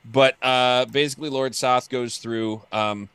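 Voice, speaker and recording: A man hosting a casual chat, animated and laughing, acting out quotes as he talks. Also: medium pitch, a little slow, clean tone, no room sound.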